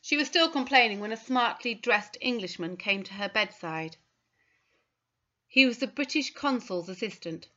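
Bright-voiced woman reading a story. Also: fairly high pitch, animated, moderate pace, lo-fi sound. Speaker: audiobook narrator. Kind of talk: scripted narration.

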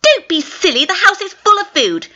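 A woman voicing spiteful twin schoolgirls who speak in a sharp, taunting, demanding way. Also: very high voice, sing-song, moderate pace, lo-fi sound, voice pushed up, heavily acted. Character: two spiteful bullying schoolgirl twins.

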